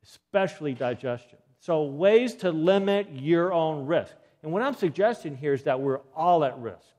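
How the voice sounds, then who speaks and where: A man's voice: fairly high pitch, lively intonation, moderate pace, darkish tone. A man giving an earnest health lecture, emphatic and given to repeating key points.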